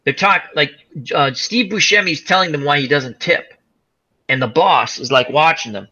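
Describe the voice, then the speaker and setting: A man hosting a casual live chat show, rambling excitedly through movie retellings with frequent laughs. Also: a little high, normal speed, dull audio. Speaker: livestream chat host.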